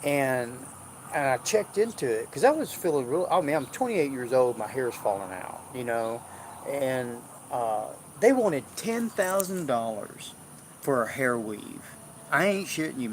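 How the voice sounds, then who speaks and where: A man's voice: mid-range voice, expressive, measured pace, slight background noise. Rambling jovial man. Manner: jovial, rambling, drawling storyteller. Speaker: vlogger. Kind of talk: casual rambling chat. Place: indoors at home.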